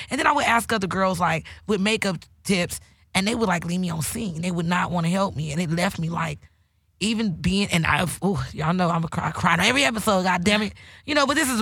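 A woman with a mid-range, fairly bright, husky voice hosts her own podcast, recorded cleanly in a studio with no room sound. She talks candidly and emotionally in casual podcast style, getting preachy and swearing heavily.

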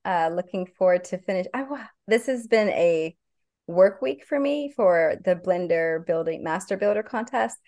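A woman co-hosts a podcast in relaxed chat. She giggles often and rambles through her thoughts. Her voice is mid-pitched. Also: moderate pace. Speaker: podcast co-host.

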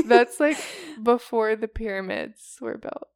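Woman podcast co-host, tired, rambling storyteller, gravelly voice, dry sound. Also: on the high side, expressive, slow, darkish tone, no room sound. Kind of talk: casual chat.

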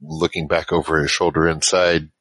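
A man's voice: extremely low pitch, level tone, no echo. A man playing a tabletop horror game, earnestly describing his character's actions and calling out in character. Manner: earnest, brisk, calls out loudly in character. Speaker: player.

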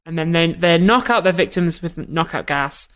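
A woman co-hosting a podcast, recapping a film's plot in a wry, deadpan way. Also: lowish voice, normal speed. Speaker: podcast co-host. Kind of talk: casual comedic film recap.

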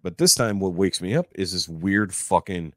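Man, low voice, casual profane storyteller, dry close sound. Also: normal speed, no echo. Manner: profane, animated retelling with acted-out quotes. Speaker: podcast guest.

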